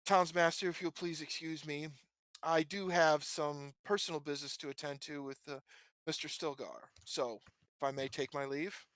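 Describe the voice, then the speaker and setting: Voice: mid-range voice, fairly even intonation, moderate pace, fairly bright tone, no room sound, close to an everyday voice. A player voicing a formal, courteous nobleman adventurer who speaks with old-fashioned politeness in a tabletop game.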